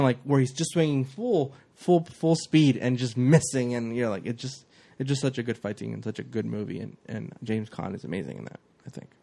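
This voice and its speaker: A man's voice: medium pitch, vocal fry, warm tone. Rambling man in casual chat. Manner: rambling, many restarts and fillers. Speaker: host.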